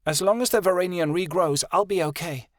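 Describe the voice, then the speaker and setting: A man voicing a fierce young female fairy who is emotional and sharp-tongued. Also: high-pitched, brisk, no room sound, studio quality, pitched above the performer's own voice, lightly acted. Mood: weary.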